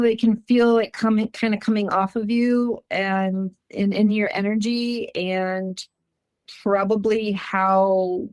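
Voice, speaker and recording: A woman from Minnesota talks through her experiences as an interview guest, rambling and chatty, often pausing on an um or restarting a sentence. Her voice sits at an ordinary middle pitch. The sound is dry and close, with no room echo. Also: darkish tone. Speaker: guest describing encounters. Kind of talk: casual interview storytelling. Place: rural home.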